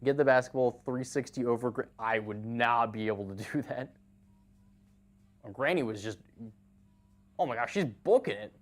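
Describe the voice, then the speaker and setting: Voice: medium pitch, normal speed, pauses often. A live game streamer in casual chat, greeting viewers by name and laughing easily.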